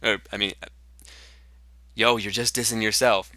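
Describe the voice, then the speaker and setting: A man's voice: lowish voice, little pitch movement, unhurried, bright, forceful tone, no echo, clean studio sound. Brash, swearing young man. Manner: brash, boastful, swearing constantly. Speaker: comedy sketch host. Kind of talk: profane comedic trash talk.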